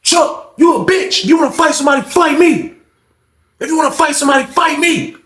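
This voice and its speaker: A man voicing a loud, defiant male inmate who shouts challenges to defend his friend. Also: very high voice, brisk, echoey room, pitched above the performer's own voice. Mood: challenging.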